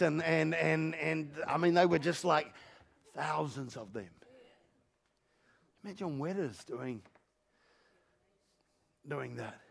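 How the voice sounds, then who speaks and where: A man's voice: fairly high pitch, slow, vocal fry, pauses often, slightly rough. A male pastor preaching a sermon, telling stories and firing off repeated rhetorical questions. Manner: storytelling, repetitive rhetorical questions. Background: loud instrumental music.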